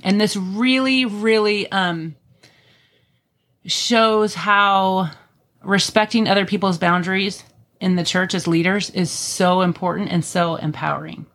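A woman's voice: medium pitch, steady tone, measured pace, a bit bright. A middle-aged woman telling family stories in a casual, earnest conversation, with many ums. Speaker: podcast guest.

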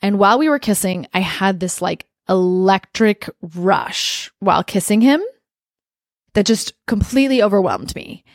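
Young woman podcaster, heartfelt personal story, lots of "like"s, mid-pitched, dry close sound. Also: animated, unhurried, no echo. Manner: candid and heartfelt, with many "like" fillers. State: emotional. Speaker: podcast host.

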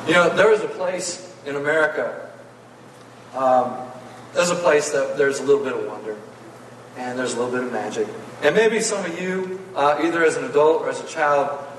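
A man's voice: fairly high pitch, far from the mic, slight background noise. A male preacher telling a folksy, playful story during a sermon. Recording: echoey hall, voice from afar.

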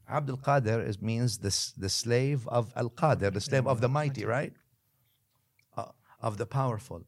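Man, scholar telling a story on a podcast, animated, hushed near-whisper at dramatic moments, Arabic phrases mixed in, middle pitch, studio mic. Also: moderate pace. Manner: mixes Arabic phrases into his talk. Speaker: guest religious scholar.

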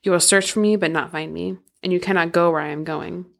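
A calm, authoritative male teacher speaks in scripture reading, voiced by a woman reading him plainly. The delivery is even and measured, set a little low. It stays steady and unhurried throughout. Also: gravelly. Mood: solemn.

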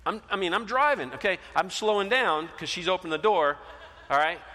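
Bright-voiced male pastor in a reverberant hall. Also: high-pitched, animated, fairly quick. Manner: storytelling, acts out quoted voices, shifts loud to soft. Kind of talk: sermon. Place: large church hall.

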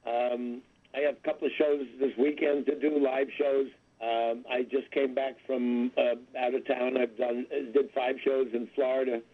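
A man's voice: medium pitch, level tone, normal speed. A man in his seventies, a comedian calling in as guest, talking in a wry, rambling way with self-deprecating asides. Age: 70s. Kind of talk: phone-in interview chat. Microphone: telephone. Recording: tinny phone line.

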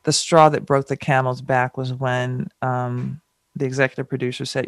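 A middle-aged woman from the American South, a guest in an interview, telling stories candidly and acting out quotes with sudden jumps in pitch. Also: moderate pace, no echo, studio quality. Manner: animated, acts out quotes with pitch jumps and laughter. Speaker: guest, chef and TV personality.

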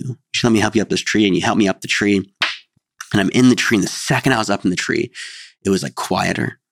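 A man with a somewhat low voice co-hosts a casual podcast. He tells stories with animation, switching into little quoted voices along the way. The recording is dry and close. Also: very fast, dry recording. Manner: animated storyteller, acts out quotes. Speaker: podcast co-host. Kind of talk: casual storytelling chat.

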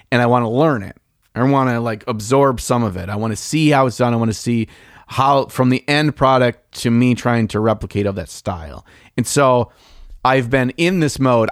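In clean studio audio with no room sound, a man with a mid-range voice chats casually on a podcast. He's a laid-back storyteller who rambles through anecdotes packed with swearing and filler words.

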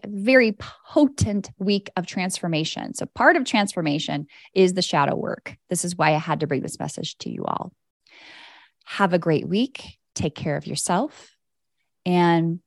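A woman's voice: fairly low pitch, no room sound, studio quality. Soothing woman coaching a spiritual podcast. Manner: soothing, direct, casual swearing. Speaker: podcast host and energy coach. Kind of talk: guided spiritual coaching talk.

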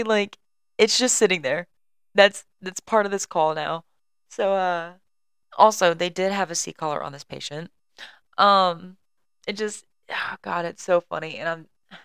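Clear-voiced woman podcast host, lower pitch. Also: unhurried, a bit bright, no echo. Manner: chatty, apologetic, laughing through a story. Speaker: podcast host and EMS worker. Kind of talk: casual storytelling monologue. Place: at home on a couch.

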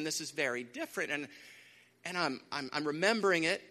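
A man preaching a sermon in a conversational way, repeating phrases for emphasis, with lively asides. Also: fairly high pitch, a little fast. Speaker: pastor. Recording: long hall reverb.

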